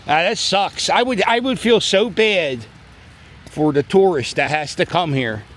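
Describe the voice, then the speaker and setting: His voice sits high and fairly bright, and he talks a little slowly. He's a middle-aged man from Philadelphia doing a chatty, joking walking vlog on a snowy plaza, rambling into the camera in his hand.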